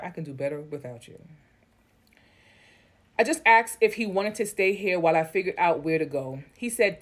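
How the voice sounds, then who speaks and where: A woman reading an online post aloud and breaking off into blunt, candid commentary, swearing freely. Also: lowish voice. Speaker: story reader and commentator.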